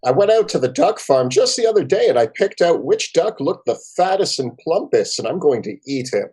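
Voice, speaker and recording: A man joking around as his character in a tabletop game, his pitch swinging widely. His voice has a slightly husky edge. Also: big pitch swings, a little fast, darkish tone. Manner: playful, joking. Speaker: player.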